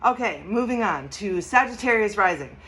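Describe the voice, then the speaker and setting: A woman's voice: medium pitch, lively intonation, moderate pace, a bit bright. A woman giving a casual, enthusiastic tarot and astrology reading, talking emphatically, swearing freely and laughing often. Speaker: tarot reader.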